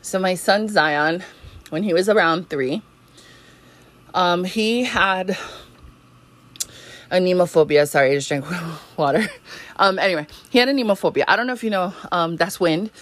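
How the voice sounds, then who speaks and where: A woman in her thirties hosts a podcast, delivering a rambling, profane storytelling monologue and laughing often. Her English carries a Hawaiian Pidgin tinge, her pitch sits fairly low, and she talks at a normal speed with frequent pauses.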